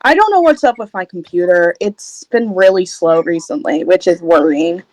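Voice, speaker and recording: Casual player with a dry sound. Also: female voice, on the low side, animated, moderate pace, darkish tone, dry recording. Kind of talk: tabletop role-play narration.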